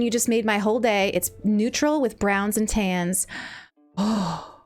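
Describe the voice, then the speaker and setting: A woman from Eastern Long Island with a Long Island accent, chatting casually on a live stream while gaming, rambling and breaking into excited squeals. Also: medium pitch, a little slow. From Eastern Long Island, New York. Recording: game music playing faintly behind.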